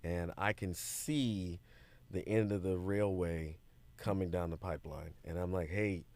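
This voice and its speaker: A man as a podcast guest, telling stories about business setbacks in a lively way and acting out what people said. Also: deep voice, unhurried, gravelly. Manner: animated storytelling, acts out quoted voices. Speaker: guest, business owner and mentor. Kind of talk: casual podcast interview.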